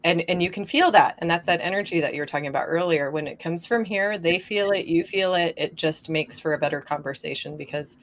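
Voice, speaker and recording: A woman's voice: on the low side, fairly quick, few pauses, slight background noise. A woman hosting a podcast, talking in an earnest, affirming way in casual conversation. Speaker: podcast host.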